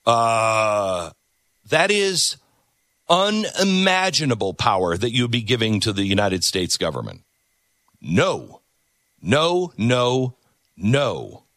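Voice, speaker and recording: A man's voice: medium pitch, big pitch swings, a little slow, sharp tone, dry recording, clean studio sound. Emphatic middle-aged male talk host. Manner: emphatic, repeats words for stress. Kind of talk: opinion commentary.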